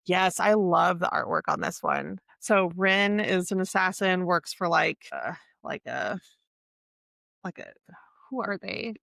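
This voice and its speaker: Gravelly woman chatting about books. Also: on the low side, very animated, unhurried, fairly bright tone, dry recording. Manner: chatty, searches for words, many fillers. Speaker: podcast co-host. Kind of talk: casual book chat.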